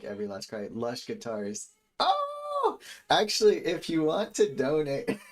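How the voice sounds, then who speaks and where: Animated, chatty man producing beats live. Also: medium pitch. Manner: animated, rambling, chatty with viewers. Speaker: music producer streaming a beat session. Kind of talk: casual livestream chat while making beats. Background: faint beat music.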